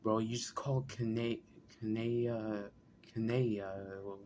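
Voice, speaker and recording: Brief: reaction host, deep-ish man, blunt and sweary, faint room ambience. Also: steady tone, slow pace, darkish tone, slight background noise. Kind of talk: casual reaction commentary.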